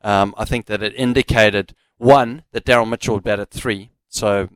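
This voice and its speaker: A man with a South African accent co-hosting a sports radio show, giving measured, analytical takes. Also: fairly low pitch, fairly even intonation, fairly bright tone, smooth, dry recording. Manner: measured, analytical, laughs easily. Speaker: radio sports co-host, former cricketer. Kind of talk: casual sports radio chat. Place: radio studio. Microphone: studio microphone.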